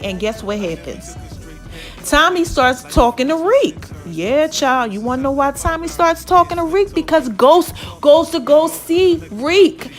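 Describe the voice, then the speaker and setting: A chatty woman host speaks, her voice riding high as she recaps a TV episode. She jumps into the characters' lines with animated delivery, and faint music plays underneath. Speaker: podcast host.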